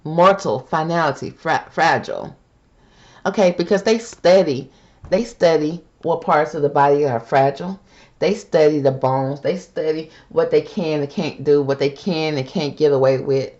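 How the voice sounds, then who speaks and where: A woman's voice: sits low, normal speed, darkish tone. A woman hosting a tarot reading commentary, talking emphatically, repeating "okay?" and calling the listener baby, sometimes heated and indignant. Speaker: tarot reader host. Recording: dull lo-fi with faint hiss.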